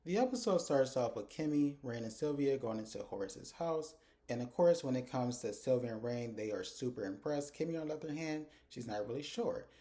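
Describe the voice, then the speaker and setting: A man's voice: medium pitch, animated, fairly quick, dark tone. A man talking into his phone camera in a chatty, casual recap of a TV episode, retelling scenes by quoting the characters. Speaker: TV episode reviewer.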